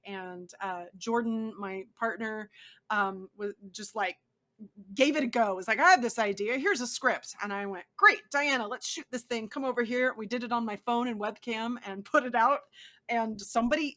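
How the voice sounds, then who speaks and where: Young woman as an interview guest; bright, tense timbre, enthusiastic and full of restarts. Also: medium pitch. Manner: enthusiastic, laughs often, many restarts. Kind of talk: casual interview chat.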